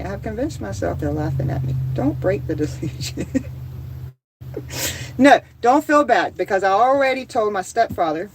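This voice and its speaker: A middle-aged woman with a Southern drawl chats easily on a relaxed home livestream. She reads viewer comments aloud and laughs often, in a voice of ordinary middle pitch. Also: poor audio. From American South. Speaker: livestream host. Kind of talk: casual livestream chat.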